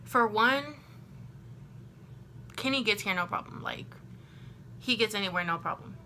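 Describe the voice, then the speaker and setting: A young woman from Texas telling a storytime to her camera in a chatty, animated way, full of "like" and acted-out quotes. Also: mid-range voice, measured pace, a little hiss or hum. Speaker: vlogger. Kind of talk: casual storytime.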